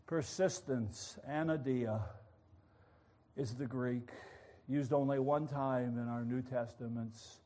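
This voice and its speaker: A man preaching a sermon, telling a story with animated passion. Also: mid-range voice, slow pace. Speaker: pastor.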